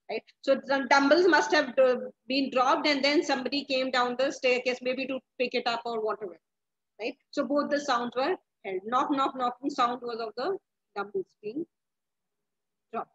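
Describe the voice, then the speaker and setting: Husky high-voiced teacher explaining a story. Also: female voice, muffled recording. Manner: explains slowly, asks students questions, restarts often. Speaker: English teacher. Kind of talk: online class explaining a story.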